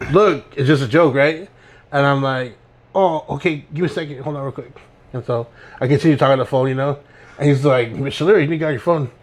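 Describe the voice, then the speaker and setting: A young man co-hosting a podcast, telling rambling, laid-back stories and laughing as he goes. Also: mid-range voice. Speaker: podcast co-host. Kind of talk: casual storytelling chat.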